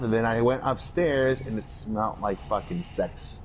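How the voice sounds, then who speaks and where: A man telling a story on his podcast in loose, heavily profane chat, his voice sitting at an everyday middle pitch. The recording is dull and lo-fi, with a faint hiss underneath. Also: moderate pace. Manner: profane, ranting delivery. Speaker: podcast host.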